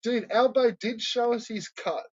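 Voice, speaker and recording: A man's voice: extremely high pitch, measured pace, a little mellow, dry recording, lo-fi sound. A man rambling through a profane, casual commentary, laughing often.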